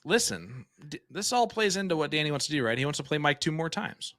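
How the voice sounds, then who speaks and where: A young man doing casual, excitable live darts commentary from a small streaming room, chatty with lots of fillers. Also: on the high side, fast, dry recording, studio quality.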